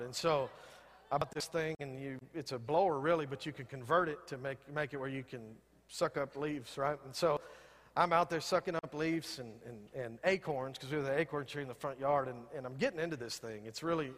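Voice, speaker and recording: A middle-aged pastor preaching a sermon with emphatic, repeated rallying calls to the congregation. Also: male voice, fairly high pitch, a bit bright. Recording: long hall reverb.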